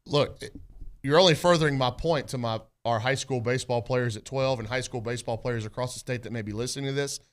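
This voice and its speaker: A man's voice: mid-range voice, quick pace. A male sports radio host arguing his points emphatically, speaking directly to his listeners and co-hosts.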